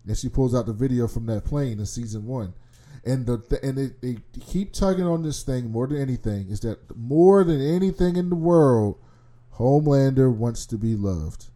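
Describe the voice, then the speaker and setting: A man recapping a show episode in casual chat, animated and swearing freely. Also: medium pitch, moderate pace.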